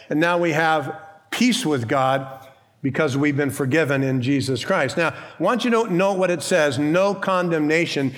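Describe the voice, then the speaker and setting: A man's voice: a little high, a bit bright. A man who is a pastor, preaching a sermon in a church with an emphatic, conversational style, rhetorical questions and bits of humor.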